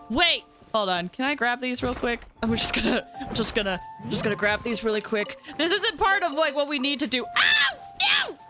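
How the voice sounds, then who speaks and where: A woman's voice: on the high side, lively intonation, normal speed, hardly any pauses, music in the background. A young woman streaming a game, chatting with viewers in a bubbly, giggly way. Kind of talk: casual live-stream chat.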